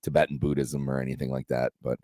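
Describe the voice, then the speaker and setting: Deep-voiced deadpan male co-host. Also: fast talker, no room sound. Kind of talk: casual chat.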